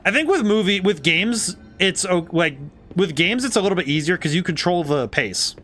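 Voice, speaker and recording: A man's voice: high-pitched, expressive, moderate pace, fairly bright tone. A man streaming a game, musing thoughtfully and rambling as he corrects himself mid-sentence. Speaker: game designer streaming gameplay. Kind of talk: casual livestream commentary.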